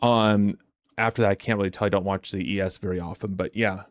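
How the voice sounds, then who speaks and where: A man's voice: on the low side, a little fast, dry recording, clean studio sound. A man hosting a trading live stream in a casual, chatty way, who often repeats words and restarts his sentences and tells stories with animation. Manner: animated storyteller.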